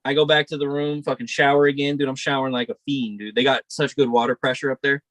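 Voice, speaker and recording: A man's voice: medium pitch, level tone, fast talker, fairly bright tone, dry recording. A young man co-hosting a podcast, telling a rambling, profane story in casual chat. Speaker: podcast co-host.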